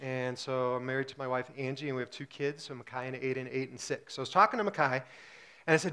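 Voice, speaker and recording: A man's voice: medium pitch, fairly even intonation, fast, sharp tone, clean tone. A pastor in his forties, from Singapore, gives a casual, humorous sermon, talking chattily with frequent fillers.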